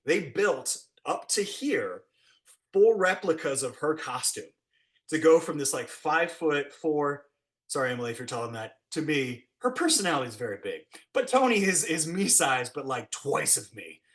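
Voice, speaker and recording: A man, a special effects blacksmith, telling set stories in a casual, animated way and acting out what people said. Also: moderate pace. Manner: animated, acts out quotes with big pitch jumps. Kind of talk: casual storytelling.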